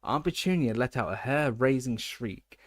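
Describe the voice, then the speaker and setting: A man reading an audiobook aloud at a steady pace, with occasional stumbles and self-corrections. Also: mid-range voice, moderate pace, no room sound, studio quality. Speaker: audiobook reader. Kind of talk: audiobook narration.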